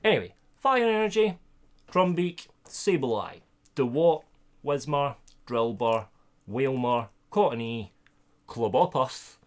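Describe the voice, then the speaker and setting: A Scottish man live-streaming himself opening trading card packs, chatting casually with viewers and getting loud and excited over good pulls. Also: mid-range voice, slow.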